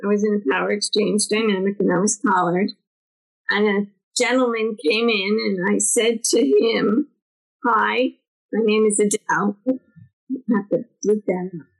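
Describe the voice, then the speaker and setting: A middle-aged woman from New Jersey, co-hosting a podcast in casual chat and telling stories with lively acted-out quotes. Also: normal speed, gravelly, rough recording. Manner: animated storyteller, acts out quotes with big pitch jumps. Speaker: podcast co-host.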